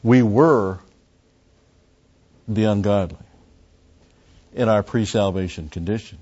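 A man preaching an expository sermon in a deliberate way, with pauses and emphatic rises, on a slightly muffled recording. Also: lowish voice, a little mellow. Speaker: pastor.

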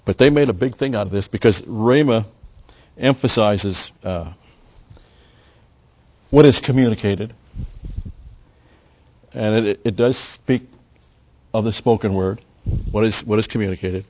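Low-voiced older man teaching the Bible. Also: unhurried, long pauses, dark tone, highs cut off. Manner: rambling, conversational asides. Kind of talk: Bible study lecture.

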